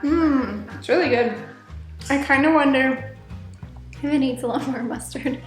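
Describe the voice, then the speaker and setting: High-voiced woman chatting while cooking. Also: unhurried, long pauses, echoey room, soft background music. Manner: chatty, rambling, self-amused. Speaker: cooking vlog host. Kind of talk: casual cooking commentary.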